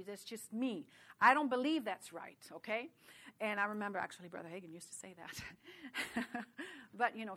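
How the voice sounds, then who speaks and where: A middle-aged woman whose first language is French preaches in a bright, forceful voice pitched slightly high. She speaks to the congregation chattily with many asides, so the sermon feels loose and personal rather than scripted.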